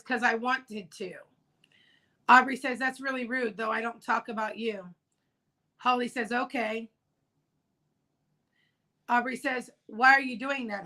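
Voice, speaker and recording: A woman hosts a casual live-stream chat. Her voice is high and bright, and she talks with emphasis, going back over her main points to drive them home. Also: steady tone, measured pace, long pauses, poor audio. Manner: emphatic, repeats key points. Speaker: livestream host. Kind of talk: casual discussion of a news case.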